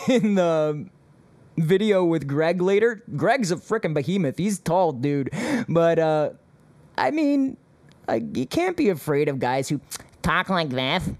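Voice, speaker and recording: A man's voice: fairly high pitch, very animated, unhurried, mellow, no room sound. A man hosting a casual call-in show, talking in a sarcastic, rambling way with chuckling asides. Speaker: host.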